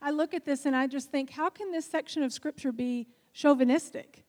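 A woman's voice: high-pitched, a little fast, a little mellow, big-room sound. A woman earnestly reasoning aloud about a Bible passage in a discussion. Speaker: Bible study co-host.

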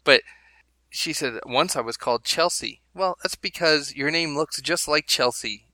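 A man's voice: fairly high pitch, measured pace, sharp tone, no room sound. A man co-hosting a podcast, chatting casually and rambling with amused asides. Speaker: podcast co-host. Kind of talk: casual chat.

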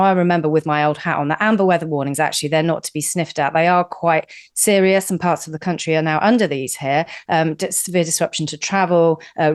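A woman from the UK co-hosting a talk radio show, talking in a chatty, animated way. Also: lowish voice, dry recording, clean studio sound. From United Kingdom. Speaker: radio co-host.

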